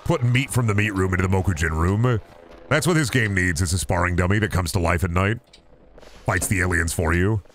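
A man streaming a game live, swearing a lot and talking straight to his chat in an excitable, rambling way. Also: low-pitched, fairly quick, a little hiss or hum. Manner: profane, excitable, talks to chat. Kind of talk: casual live-stream commentary.

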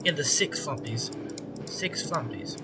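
A young adult gamer giving casual, excitable commentary over a horror game, swearing often and reacting loudly to surprises. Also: mid-range voice, unhurried, loud music behind the voice.

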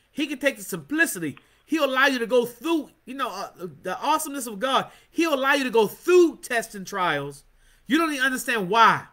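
A man with a high, slightly bright voice teaches a Bible study delivered as a sermon. His fervent preaching is punctuated by amens and calls to praise in a call-and-response style.

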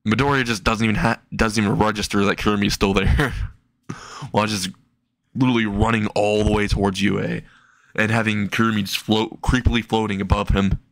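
A man's voice: fairly low pitch, steady tone, a little fast, no room sound. A man casually narrating a silly fan-fiction story, rambling with restarts and chuckling at his own jokes.

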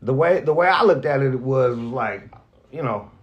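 A man's voice: mid-range voice, expressive, muffled recording. Rambling, candid man speaking off the cuff. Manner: halting, rambling, heavy profanity, frequent restarts; earnest, emotional about being grateful. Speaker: fired radio host. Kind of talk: candid off-the-cuff vlog talk.

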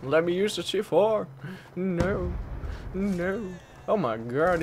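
A man commenting on his own gameplay, excitable, dropping from low mutters to sudden loud yelps and swapping curses for mild words. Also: measured pace. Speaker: gaming commentator. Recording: game gunfire and noise behind the voice.

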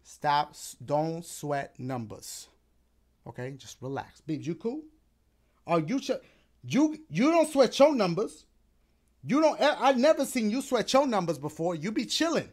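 A man's voice: high-pitched, sing-song, normal speed, a little mellow. A man in casual chat, talking to his viewers and his dog in a laid-back, rambling way with playful slang, a little out of breath. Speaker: gaming YouTuber.

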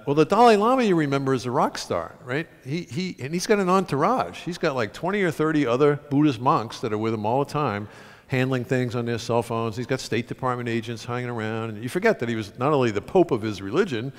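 A man, an author, telling a self-mocking story to a live audience in a concert hall, laughing often. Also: medium pitch. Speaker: author, guest speaker. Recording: long concert hall reverb.

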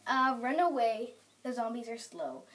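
A woman's voice: on the high side, expressive, a little slow, fairly bright tone, distant mic. A young girl chatting with her family, eager and insistent. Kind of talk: casual family chat.

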